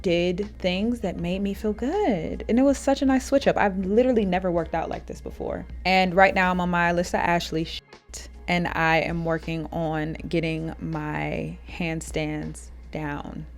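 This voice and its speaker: A woman's voice: on the low side, steady tone, a little slow, faint music behind. A young woman vlogging in a casual, candid way, talking through her day and her feelings. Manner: chatty and candid, drifting into teary, laughing asides. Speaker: lifestyle vlogger. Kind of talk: casual voiceover and on-camera vlog.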